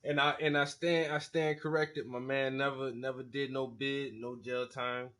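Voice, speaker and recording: A man talks loose and slangy, getting worked up as he hypes an artist in a casual reaction. His voice sits at an ordinary middle pitch, neither deep nor high. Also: moderate pace. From South Carolina. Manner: excitable, slangy, hyping up the artist. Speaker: host reacting to music.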